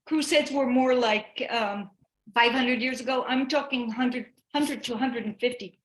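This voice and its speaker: Woman presenter, high voice, echoey room, chatty and lively. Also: measured pace, a little hiss or hum. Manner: chatty, animated, restarts often. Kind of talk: online lecture to teachers.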